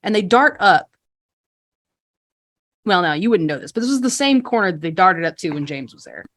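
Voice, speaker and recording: A woman's voice: lowish voice, lively intonation, normal speed, fairly bright tone. A woman narrating a tabletop game as game master, rambling casually with lots of fillers.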